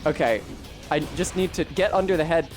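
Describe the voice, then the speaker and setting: Over background game music, a streamer with a voice on the high side narrates a boss fight at normal speed. His casual commentary is full of swearing and frustrated outbursts aimed at the boss.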